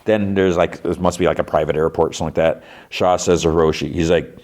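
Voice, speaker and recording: A man hosting a podcast, casually retelling a TV episode in a rambling, filler-heavy way with quick asides. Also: low voice, fairly even intonation, darkish tone. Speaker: podcast host recapping a TV episode. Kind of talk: casual recap.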